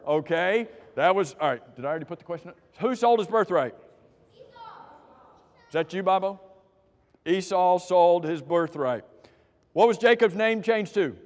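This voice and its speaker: Guy running a church quiz, highish voice, jokey, big echoey church room. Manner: lively, joking teacher calling on people by name. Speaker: Bible class teacher. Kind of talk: quiz review with a church class. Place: church classroom.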